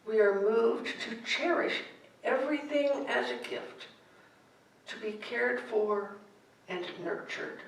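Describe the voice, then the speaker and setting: A woman spiritual director giving a gentle sermon in a church sanctuary, heard from far off in an echoey hall. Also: a little high, creaky. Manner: gentle, storytelling, unhurried.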